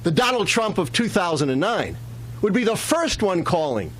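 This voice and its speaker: Casting: author type, man, slightly high voice, lecturing and emphatic. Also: big pitch swings, moderate pace, fairly bright tone, slight background noise. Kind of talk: interview clip.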